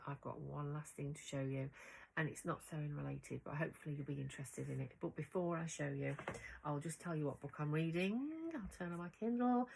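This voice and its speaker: A woman's voice: low-pitched, creaky, rough recording. Chatty woman sewing vlogger. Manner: chatty, rambling, bubbly and excitable. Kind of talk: casual chat to camera.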